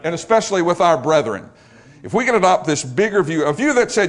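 A man preaching a sermon, emphatic and repetitive, swinging from loud stresses to hushed lines. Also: high-pitched, big pitch swings, fast talker.

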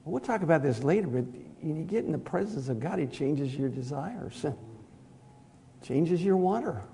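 A man preaching a conversational sermon, moving from hushed asides to loud emphatic lines and chuckling at himself. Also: on the high side, expressive, normal speed, creaky, a little hiss or hum.

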